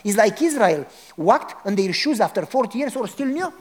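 A pastor with a high-pitched voice delivers a sermon. He tells a story dramatically and keeps turning to the congregation with questions. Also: sing-song, moderate pace.

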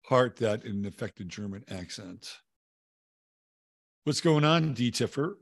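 A man's voice: mid-range voice, expressive, unhurried, gravelly, no echo, clean studio sound. A man hosting a casual livestream, chatting loosely and reading viewer comments, rambling with many fillers and restarts and casual swearing. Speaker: livestream host. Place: home, living in Texas.

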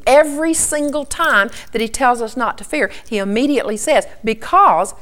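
A woman's voice: on the high side, expressive, moderate pace, hardly any pauses. Earnest woman teaching scripture. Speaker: Bible teacher. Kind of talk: sermon.

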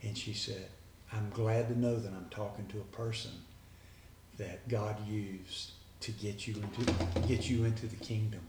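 A man's voice: on the low side, fairly even intonation, moderate pace, recorded from a distance, noisy background. A man, a guest earnestly retelling a conversation line by line. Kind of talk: personal storytelling. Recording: echoey room with faint background ambience.

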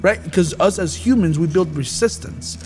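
A man's voice: high voice, moderate pace, music in the background. A man hosting a casual Christian podcast, talking earnestly about the Holy Spirit with rambling restarts.

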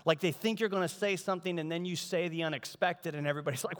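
A man preaching a sermon in a conversational, animated way, acting out the voices of the people in the story. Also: on the high side, fast. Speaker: pastor. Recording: large hall reverb.

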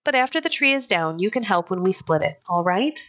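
A woman voicing a kindly, firm pioneer father in a storybook reading, slow and reassuring. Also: mid-range voice, sing-song, fairly bright tone. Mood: gentle firm.

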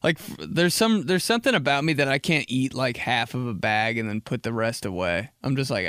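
A young man tells a rambling comic story on his podcast, with a gravelly, fry-heavy voice at a middle pitch. The room sounds dry and close, with no echo. When he quotes people, he slows down and goes low. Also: expressive, bright, forceful tone. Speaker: podcast host. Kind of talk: casual comedic monologue.

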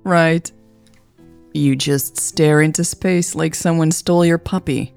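A woman's voice: low-pitched, fairly even intonation, slow pace, creaky, smooth, no echo, faint music behind, full character voice. A woman voicing a blunt, teasing young sister. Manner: teasing, frank, gently insistent.

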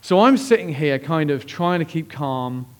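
A man, a pastor preaching a sermon as lively, conversational personal storytelling. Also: fairly high pitch, moderate pace.

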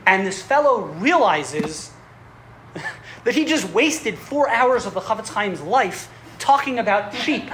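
A woman teaching a class on Jewish history, telling stories in an animated way with frequent chuckles and restarts. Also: mid-range voice, a little hiss or hum. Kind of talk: classroom lecture with storytelling. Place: classroom with students.

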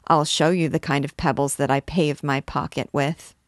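Woman voicing a mischievous young student, playful, teasing, low voice. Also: fairly even intonation, normal speed, dry recording, clean studio sound.

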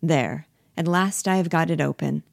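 A fussy, patronizing gentleman of a stage drama, brisk and proper in speech, as a woman reader gives him voice. The tone sits low and the sound is close and dry. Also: creaky, no echo. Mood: puzzled. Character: Torvald Helmer, a genteel condescending husband.

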